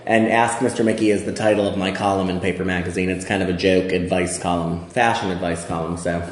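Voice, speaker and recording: A Midwestern man in his forties chats as an interview guest, wry and self-deprecating. His voice is lowish, and the room around him is echoey. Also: fairly even intonation, quick pace. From outside Chicago. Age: 40s. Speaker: magazine editor and guest. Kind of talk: casual interview chat.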